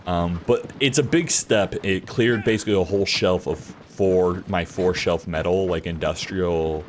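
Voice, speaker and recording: Deep-voiced man rambling on a game stream. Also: a little hiss or hum. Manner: rambling, filler-heavy, swears casually. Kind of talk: casual live-stream chat while gaming. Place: home office.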